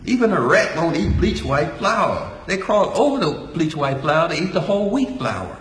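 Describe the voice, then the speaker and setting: A man's voice: on the high side, big pitch swings, normal speed, a bit bright. Older man lecturing in an echoey hall. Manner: folksy, joking, preacherly. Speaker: speaker. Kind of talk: talk to a live audience.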